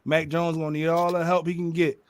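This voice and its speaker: A man's voice: on the high side, level tone, a little fast, no room sound. A man on a sports podcast panel who confidently talks trash about the other team. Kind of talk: casual sports chat.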